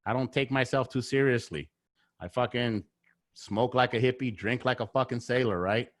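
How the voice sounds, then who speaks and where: A man's voice: mid-range voice, normal speed, fairly bright tone, no room sound, clean studio sound. A man speaking as a podcast guest in a casual conversation, blunt and full of swearing, hammering his points with repeated phrases. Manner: blunt, heavy swearing, repetitive emphatic phrasing. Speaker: podcast guest, real estate investor.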